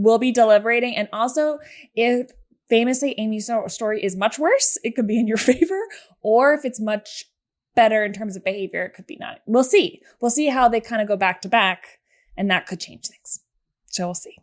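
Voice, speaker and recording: Playful woman co-hosting a podcast. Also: fairly high pitch. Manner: playful, mock-formal judging. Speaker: podcast co-host. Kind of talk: casual comedy podcast chat.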